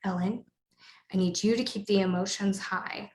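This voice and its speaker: A woman voicing a brisk, bossy director on a video shoot who gives quick instructions. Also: medium pitch, steady tone, a little mellow, close to an everyday voice. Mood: instructive. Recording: roomy echo.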